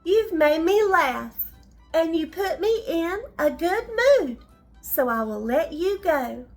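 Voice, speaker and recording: A woman's voice: very high-pitched, animated, slow, faint music behind, full character voice. An older woman voicing a mighty, grumpy male lion who roars and boasts in a bedtime story. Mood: gruff kindly. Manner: roaring, boastful, scornful.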